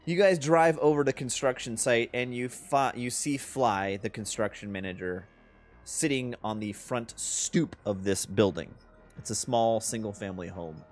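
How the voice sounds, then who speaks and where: A man at middle pitch guides his players through a tabletop game as game master. He narrates loosely and easily, with fillers between his thoughts, and faint music plays under his voice. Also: moderate pace.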